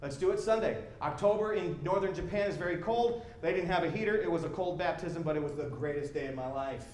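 High-voiced, animated preacher in an echoey church. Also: male voice, fast, slight background noise. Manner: animated, conversational preaching with repetitions. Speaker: pastor. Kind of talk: sermon. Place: church sanctuary.

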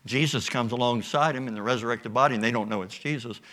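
A man preaching a sermon, telling the story with lively energy and bits of acted dialogue. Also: medium pitch, fast. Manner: animated storytelling with acted voices. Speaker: pastor.

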